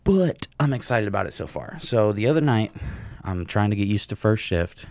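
A man's voice: on the low side, animated, moderate pace, a little mellow, no echo. A young adult man co-hosting a casual comedy podcast, telling stories in a profane, ranting way and laughing between lines. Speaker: podcast co-host. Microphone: close podcast mic.

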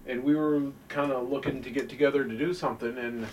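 A man's voice: mid-range voice, steady tone, fast, darkish tone, recorded from a distance, slight background noise, low-quality recording. A man in casual banter on a podcast, rambling and joking as he tells stories. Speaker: band member, podcast guest.

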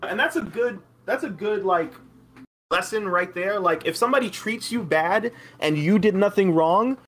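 A man in his thirties, a podcast guest, telling a story in casual chat, profane and animated, acting out the lines he quotes. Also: high voice, moderate pace, slight background noise.

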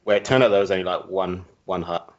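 A man telling a joking character idea in casual chat, halting with many ums and dry asides. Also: sits low. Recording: dull lo-fi sound.

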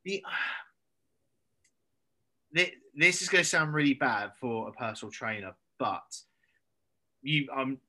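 A man's voice: medium pitch, expressive, slow, pauses often, sharp tone. A man, a personal trainer guesting on a podcast, sweary and hesitant with lots of ums. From England. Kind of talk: casual podcast chat.

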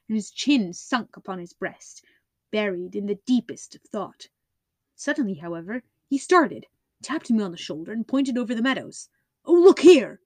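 A woman's voice: mid-range voice, no room sound. Woman reading a classic story aloud. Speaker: audiobook narrator. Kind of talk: scripted narration.

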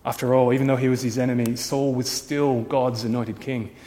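A pastor telling a story in a sermon, dramatic, shifting from hushed to loud. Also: male voice, mid-range voice, flat delivery, a little fast, long reverb tail.

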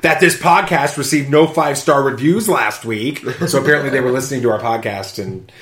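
Lively man hosting a podcast, echoey room. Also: mid-range voice, brisk. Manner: animated, whoops and jokes while reading aloud. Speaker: podcast host. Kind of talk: casual chat, reading listener reviews.

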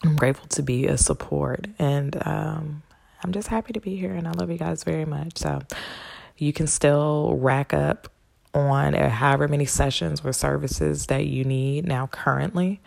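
Woman host, very low raspy register, dry close sound, frank and profane. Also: moderate pace, darkish tone, no echo. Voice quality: gravelly low voice. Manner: candid, chatty, swears freely. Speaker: podcast host and spiritual healer. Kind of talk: casual solo podcast monologue.

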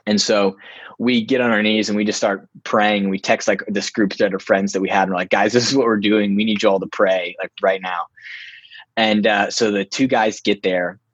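A young man telling a story in a casual, animated way, full of "like" and restarts. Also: on the low side, normal speed, slightly rough, dry recording, lo-fi sound. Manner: animated, filler-heavy, lots of "like".

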